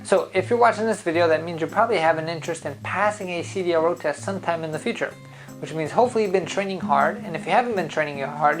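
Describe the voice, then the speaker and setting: A man's voice: a little high, poor audio. Man, driving school founder, motivational talk, upbeat, speaks directly to viewers, faint music behind.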